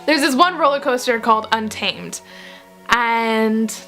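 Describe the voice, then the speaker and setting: A young woman vlogger with a high, bright voice tells a story with giggly excitement and quotes the people in it. Faint music plays under her voice. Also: measured pace. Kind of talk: storytelling vlog.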